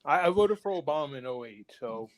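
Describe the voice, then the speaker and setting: A man's voice: on the high side, lively intonation, a little fast. An American man on a podcast, talking in a blunt, rambling way with casual political chat. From United States. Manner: blunt, rambling, laughs often. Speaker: podcast guest.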